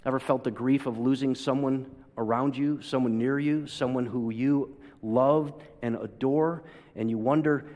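A man's voice: mid-range voice, fairly even intonation, a little slow, a little mellow. A man preaching a sermon, asking rhetorical questions and acting out quoted voices with dramatic swings. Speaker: pastor. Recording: long hall reverb.

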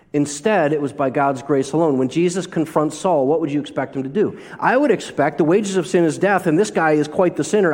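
A man's voice: fairly high pitch, darkish tone. A man preaching a sermon as a pastor, telling stories and asking the listeners rhetorical questions. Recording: long reverb of a large hall.

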